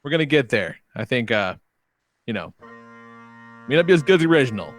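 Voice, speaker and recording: A man co-hosting a podcast, telling a game story in casual chat, animated and profane, acting out voices. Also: medium pitch, brisk, faint music behind. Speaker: podcast co-host.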